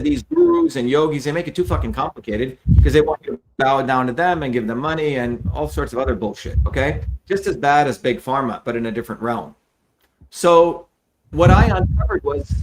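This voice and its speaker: A man's voice: medium pitch, slight background noise. A middle-aged man hosting a live fundraising stream, talking bluntly and emphatically, with frequent profanity, straight to his viewers. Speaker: host of a live fundraising telethon.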